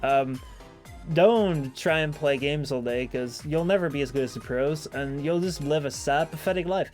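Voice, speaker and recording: A man's voice: on the high side, normal speed, darkish tone, soft background music. A man streaming, chatting casually and rambling with many fillers and restarts. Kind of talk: casual chat.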